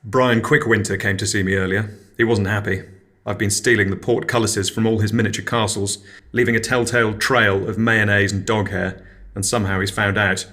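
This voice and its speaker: A man's voice: fairly low pitch, fairly even intonation, a little fast, bright, forceful tone. A man hosting an absurdist comedy podcast, narrating in a mild, hesitant, dry way. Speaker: podcast host.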